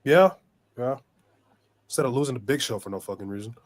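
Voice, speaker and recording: A man's voice: mid-range voice, lively intonation, a little fast. A man co-hosting a wrestling podcast in casual chat, blunt and laid-back with slang and swearing. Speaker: podcast co-host.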